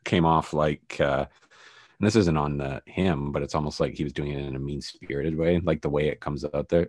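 Deep-voiced man rambling through a recap. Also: steady tone, moderate pace, a little mellow, no room sound, clean studio sound. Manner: rambling, many fillers and restarts. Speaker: podcast co-host. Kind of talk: casual TV recap chat.

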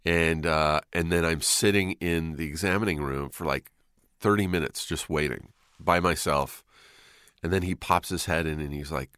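A man's voice: very deep voice, moderate pace, fairly bright tone, clean tone, no echo, studio quality. A man telling a personal story in a casual podcast chat, laid-back and swearing, acting out what others said.

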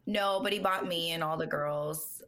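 A woman's voice: low voice, moderate pace, a bit bright. A woman co-hosting a podcast in casual chat, blunt and swearing casually. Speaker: podcast co-host.

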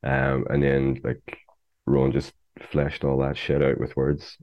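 Very deep-voiced musician, hesitant. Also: male voice, completely flat delivery, a little slow. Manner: hesitant, many fillers and restarts. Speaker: band member, musician. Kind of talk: casual interview chat. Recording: dull lo-fi audio.

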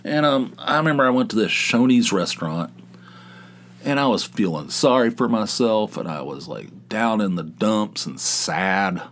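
A man's voice: lowish voice, expressive, moderate pace, a bit bright. Rambling middle-aged man podcasting from home. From West Virginia. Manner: rambling, self-deprecating, with asides and restarts. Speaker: podcast host. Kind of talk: casual storytelling monologue. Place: home office in basement.

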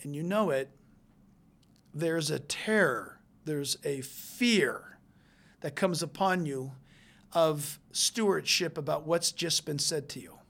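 A preacher delivering a sermon, moving between hushed, intense stretches and loud, emphatic ones. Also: mid-range voice, slow pace, gravelly.

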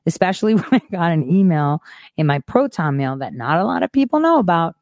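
A woman host delivering a frustrated ranting monologue, blunt and swearing freely, swinging between hushed mutters and loud boasts. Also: on the low side, very animated, fairly quick, no echo, dull audio.

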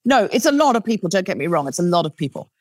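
A woman from Australia with a British accent with a faint Australian trace, talking as a guest comedian in an animated, self-deprecating way. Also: on the low side, rapid-fire, dry recording. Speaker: comedian and podcast host, guest. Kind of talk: casual interview talk.

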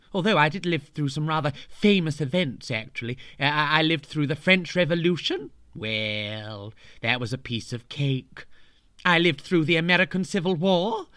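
A man's voice: on the high side, pushed and bright, no echo, studio quality. A man narrating a storybook tale in a camp, playful, mock-grand way, full of cheeky asides.

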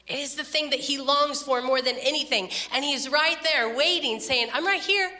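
A woman preaching a sermon, telling a story with lively, laughing quotes. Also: sits high, moderate pace, big-room sound. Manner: animated storytelling, laughing, voice jumps up when quoting. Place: church.

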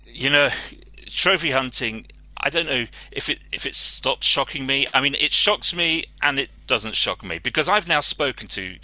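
A man speaking as a guest advocate, impassioned and earnest, pausing with fillers as he searches for words. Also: mid-range voice, expressive, pushed and bright, no room sound, low-quality recording. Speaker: guest, anti-trophy-hunting advocate. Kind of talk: earnest interview answer.

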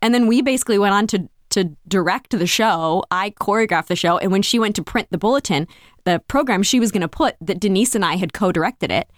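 On a brisk, dry recording with no room sound, a business coach guesting on a podcast tells stories in a lively, conversational way. Her pitch rises for quoted voices, and she often restarts to correct herself.

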